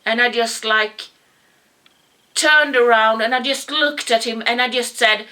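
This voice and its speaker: Bright high-ish woman vlogger, stumbles and repeats herself while telling a story. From Sweden. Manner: halting, repeats words, rises to yelling when quoting herself. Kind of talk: personal storytelling to camera.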